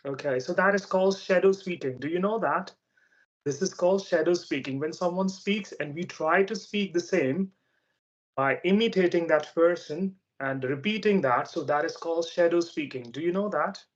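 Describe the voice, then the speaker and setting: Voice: medium pitch, moderate pace, highs cut off. An adult English conversation interviewer asking a young learner questions in a casual chat, talking hesitantly with many fillers and patiently explaining ideas.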